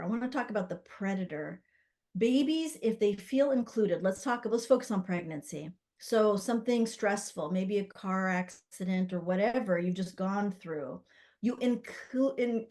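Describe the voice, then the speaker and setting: A middle-aged woman, a doula, telling stories in a casual interview, animated and full of fillers as she acts out what others said. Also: medium pitch. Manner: animated, acts out quoted voices with many fillers. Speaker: guest, doula and spirit baby psychic.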